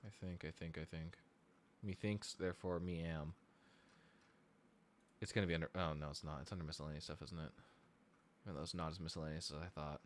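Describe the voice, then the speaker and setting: A man's voice: very deep voice, steady tone, fast talker, pauses often, slight background noise. A man chatting casually on a live stream, rambling and self-deprecating as he thinks aloud, tired from lack of sleep. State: sleep deprived. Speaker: streamer and musician.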